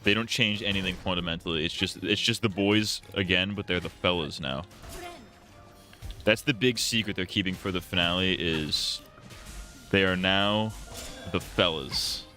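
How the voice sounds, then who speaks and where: A man's voice: low voice, normal speed, bright, forceful tone, faint music behind. A man streaming live, chatting casually in a profane, rambling, jokey way full of restarts.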